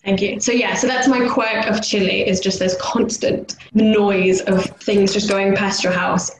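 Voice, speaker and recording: A young woman from the UK chats casually as a podcast co-host, her voice sitting at an ordinary middle pitch. She gets animated, loudly imitating street noises and jingles. The recording sounds echoey, with a faint hiss of background noise. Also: a little slow. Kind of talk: casual chat.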